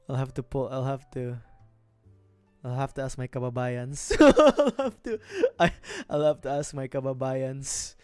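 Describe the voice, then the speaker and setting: A man's voice: mid-range voice, flat delivery, slow pace, pauses often, darkish tone, smooth, faint music behind. A young man from the Philippines chatting casually on a livestream while building a model kit, laughing often and repeating himself. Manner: giggly, rambling, repeats phrases.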